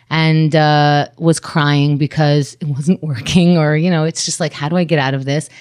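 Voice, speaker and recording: A married woman in casual chat, telling a personal story in an earnest, measured way. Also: low-pitched, a little mellow, smooth, no room sound, clean studio sound.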